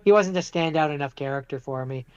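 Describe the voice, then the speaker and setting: A man co-hosting a podcast in casual chat, talking in a measured, hesitant way with lots of fillers and sounding like he's losing his voice. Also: fairly high pitch, smooth, dull audio. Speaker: podcast co-host.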